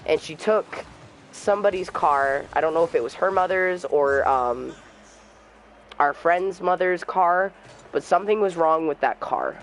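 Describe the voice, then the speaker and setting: A young man streaming a game, telling a personal story in a soft, halting voice and trash-talking the game now and then. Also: fairly high pitch, a little hiss or hum, rough recording. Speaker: gamer streamer. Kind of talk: casual storytelling while gaming.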